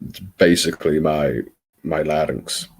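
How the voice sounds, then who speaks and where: A man from Liverpool with a low, bass-heavy voice hosts a small-hours live stream. He chats with his viewers in a wry, theatrical way, mocks himself freely and swears without fuss. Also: a little slow, breathy edge. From Liverpool, England. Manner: wry, theatrical, self-mocking, swears casually. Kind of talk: late-night live stream chat with viewers.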